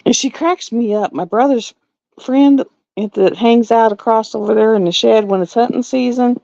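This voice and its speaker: A woman's voice: fairly high pitch, normal speed, vocal fry, dark tone, no room sound, highs cut off. A woman from the chatting casually at home on a live stream, rambling and repeating herself. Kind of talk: casual chat. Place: home with pets.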